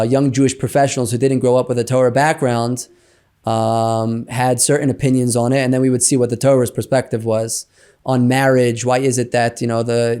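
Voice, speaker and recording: A man in an interview, telling a personal story in a chatty, animated way with many fillers like "you know". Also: mid-range voice, smooth. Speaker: interview guest.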